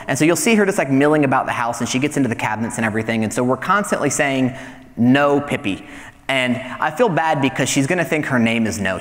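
A man in his thirties, a young adults pastor, preaching a relaxed, conversational sermon full of storytelling and light self-deprecating humor. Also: medium pitch. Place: church hall. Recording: reverberant hall sound.

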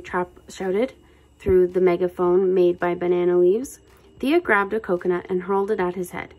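A woman hosting a read-aloud channel for children, narrating a chapter book. Her voice is husky with a gravelly edge, sitting in a middle pitch. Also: moderate pace, poor audio. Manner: lively, addresses listeners as guys. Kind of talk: read-aloud storytelling for kids.

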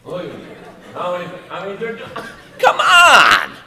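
A middle-aged male pastor preaching a sermon in a college chapel, animated, swinging between loud and soft with mocking asides. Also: high-pitched, measured pace, background noise.

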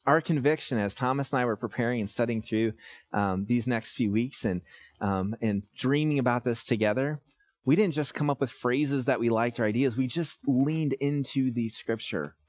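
Pastor, male, 30s, relaxed storytelling sermon, mid pitch, lots of "uh"s. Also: normal speed, no echo. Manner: conversational, storytelling with many fillers.

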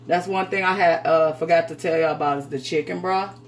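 A woman's voice: low voice, steady tone, a little fast. Chatty woman cooking in her kitchen. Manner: chatty, folksy, calls viewers sweet babies, swears casually. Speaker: home cooking vlogger. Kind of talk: casual cooking demonstration. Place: home kitchen.

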